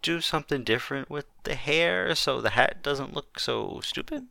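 A man's voice: medium pitch, expressive, moderate pace, vocal fry, bright, forceful tone, no echo, clean studio sound. A man co-hosting a podcast, talking casually and thinking aloud with hedges. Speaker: podcast co-host. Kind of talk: casual wrestling chat.

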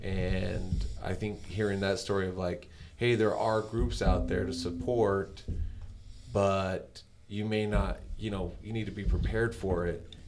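This middle-aged man hosts a podcast, spinning rambling stories in easygoing conversation. He speaks unhurriedly in a low-pitched voice with fairly even intonation, against a noisy background.

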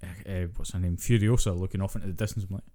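A man's voice: sits low, steady tone, very fast, dark tone. A Scottish man co-hosting a podcast, chatting casually and swearing bluntly. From Scotland. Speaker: podcast co-host. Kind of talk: casual chat.

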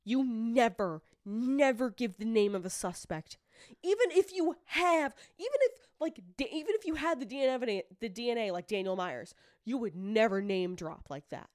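A woman co-hosting a true crime podcast, talking fast and heatedly, swearing often and acting out what people said. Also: a little high, animated, darkish tone, dry recording, studio quality. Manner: heated, swears a lot, acts out quotes. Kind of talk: casual chat.

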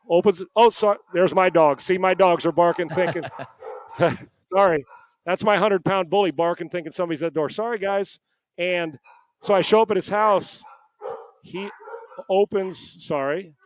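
A man's voice: sits high, no room sound. A middle-aged man, a guest on a podcast, telling a long story from home over a headset. He acts out the quoted dialogue as he goes. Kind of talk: casual storytelling.

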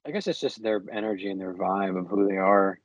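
A man's voice: sits low, brisk, dry recording, dull audio. A young man co-hosting a podcast in casual chat, rambling and laughing, often sliding into mock voices. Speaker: podcast co-host.

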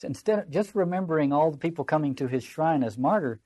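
Mellow-voiced male literature lecturer. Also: a little high, lively intonation, quick pace, no room sound. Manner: reads quotations aloud with theatrical emphasis, then explains them plainly. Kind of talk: lecture with dramatic readings of quoted passages.

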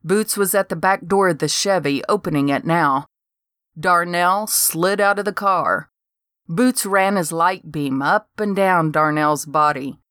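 A woman's voice: on the low side, measured pace, fairly bright tone, dry recording. An older woman reading a first-person story aloud with dry, wry humor. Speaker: narrator.

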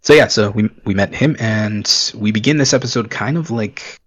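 A man's voice: fairly low pitch, moderate pace, husky, lo-fi sound. A man co-hosting a casual podcast, rambling and griping through an episode recap. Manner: griping, rambling with fillers and laughs. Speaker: podcast co-host. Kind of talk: casual chat recapping a TV show.

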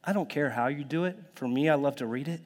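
A man preaching a sermon in a lively, conversational way, now and then dropping to a whisper or jumping to a shout. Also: a little high, quick pace. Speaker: pastor. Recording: long hall reverb.

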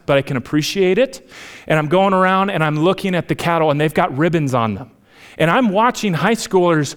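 Animated pastor preaching a sermon. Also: male voice, on the high side. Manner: animated storytelling, rising loud for emphasis then dropping to near whispers.

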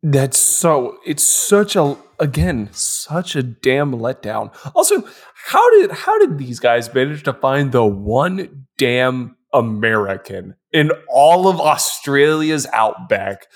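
Animated, exasperated man ranting with laughs. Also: mid-range voice, slow, few pauses. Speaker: podcast co-host. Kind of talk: casual movie-review chat.

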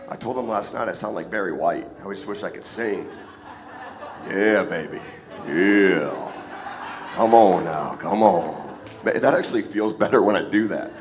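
A man preaching a casual, joking sermon in church, hoarse and sniffling from a cold, often calling for an amen. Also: fairly low pitch, background noise. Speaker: guest preacher. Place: church sanctuary. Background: music.

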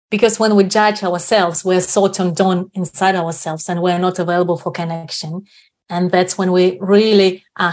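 A woman's voice: fairly low pitch, darkish tone. A woman guest on an interview show, explaining ideas in a reflective way and checking in with tag questions. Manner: frequent tag questions like "right?". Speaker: guest speaker on inner confidence.

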